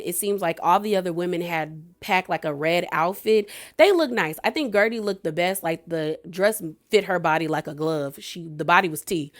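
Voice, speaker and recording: Chatty slangy woman recapping reality TV. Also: on the low side. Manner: chatty, slangy, animated retelling full of "like" and "girl". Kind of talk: casual episode recap.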